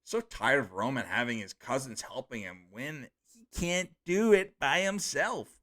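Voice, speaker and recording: A man hosts a live stream, reading viewer comments aloud and reacting in a loose, offhand way. His voice sits in an ordinary middle pitch, and he swears freely and trips over unfamiliar names as he goes. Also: expressive, a little slow, pushed and bright. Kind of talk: casual live-stream chat.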